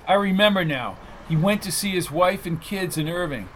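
A man's voice: high-pitched, expressive, moderate pace, fairly bright tone, slight background noise, voice pushed up, rough recording. A man voicing a determined man racing to stop a killing, speaking in an urgent, clipped way.

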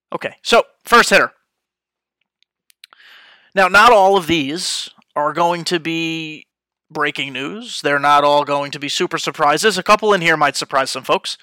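A man's voice: a little high, bright, forceful tone, smooth, dry recording. A young man hosting a podcast, chatting off the cuff with lots of fillers. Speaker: podcast host. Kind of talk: casual podcast chat. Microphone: headphones and studio mic.

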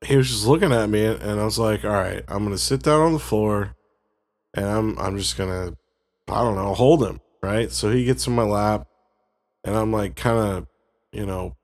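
Gravelly guy rambling thru a story, chill casual chat. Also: lowish voice, normal speed. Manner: rambling storyteller, laid-back and joking. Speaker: podcast co-host.

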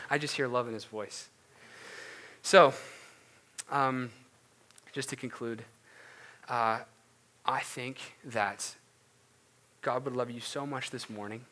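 A male pastor with a bright, forward voice gives an earnest, conversational sermon. He talks loosely, full of fillers and restarts, and moves into a prayer. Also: medium pitch. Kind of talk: casual sermon ending in prayer.

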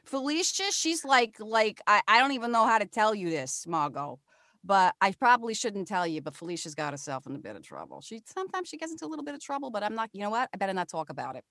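A woman's voice: medium pitch, big pitch swings, fast talker, fairly bright tone, no echo, studio quality. Woman improvising a gossipy lady. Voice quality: gushing, rambling, hesitant. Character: chatty gossipy British woman abroad. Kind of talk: improvised character.

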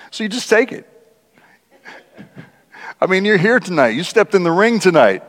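A man preaching a conversational sermon as a guest speaker, animated and laughing often, acting out the lines he quotes. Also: high-pitched, measured pace. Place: large church. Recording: church hall with long reverb.

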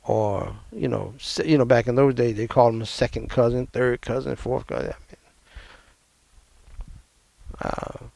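A middle-aged man from the American South, telling a personal family story in an emotional, animated way and laughing often. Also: mid-range voice, unhurried, vocal fry, pauses often, no room sound.

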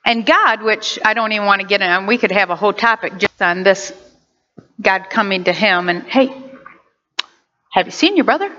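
A woman preaching a sermon, impassioned and animated, with sudden loud outbursts. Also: medium pitch, normal speed. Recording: dull lo-fi recording.

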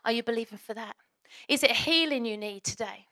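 A woman's voice: on the high side, a little fast, bright, forceful tone, dry recording, studio quality. A woman preaching a sermon as a pastor, earnest and exhorting, firing off rhetorical questions.

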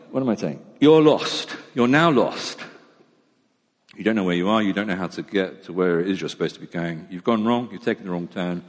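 A man's voice: deep voice, breathy edge. A middle-aged man, preaching a sermon in a chatty, self-mocking storytelling way. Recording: long echo of a large hall.

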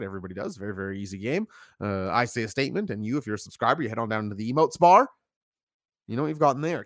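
A man co-hosting a casual wrestling review stream, talking in an animated, chatty way and reacting to viewer chat. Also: medium pitch, dry recording, clean studio sound.

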